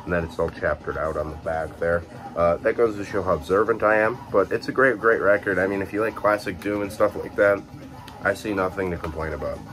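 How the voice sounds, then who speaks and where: A man's voice: sits low, fairly quick. A young man casually showing off his music collection, rambling and correcting himself, saying he just woke up. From Illinois, USA. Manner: rambling, relaxed, many fillers and self-corrections. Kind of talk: casual chat.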